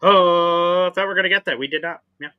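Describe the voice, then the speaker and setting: A man's voice: high-pitched, fairly even intonation, quick pace, smooth, no echo, narrow, tinny audio. A man co-hosting a casual sports talk show, laid-back with dry humor. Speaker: co-host.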